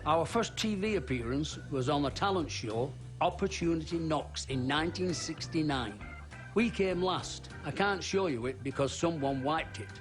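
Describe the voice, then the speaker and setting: A man's voice: fairly high pitch, lively intonation, moderate pace, faint music behind. A man narrating his comedy career in a plain, wry tone. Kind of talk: documentary narration.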